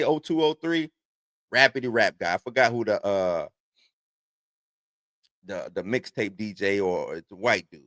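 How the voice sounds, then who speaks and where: A man's voice: lowish voice, a bit bright, dry recording. A man in his forties hosting a casual livestream, reading entertainment news aloud and then rambling off into his own stories. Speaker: host.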